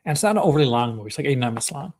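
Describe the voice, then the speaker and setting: In a casual livestream chat, an enthusiastic young Canadian host rambles in his Canadian accent, full of fillers and restarts. His medium-pitched, mid-range voice is very animated and a little mellow, and he races along.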